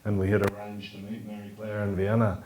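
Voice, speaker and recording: A man with a fairly low voice speaks in a relaxed, hesitant way, full of little fillers as he introduces the next speaker. Faint noise sits under the recording. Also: fairly quick. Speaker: event presenter. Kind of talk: casual speech introducing a talk.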